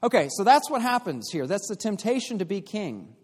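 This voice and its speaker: A man's voice: high-pitched, very animated, a little fast, husky. Man teaching in an echoing hall. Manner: explanatory, with frequent fillers and restarts. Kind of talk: church teaching talk. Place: church hall. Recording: long hall reverb.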